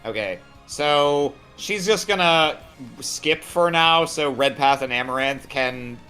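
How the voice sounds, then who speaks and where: A man's voice: a little high, slow, bright, forceful tone, faint music behind. A man playing a tabletop game, thinking aloud about his turn and muttering in frustration. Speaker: player. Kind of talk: casual chat at a tabletop game.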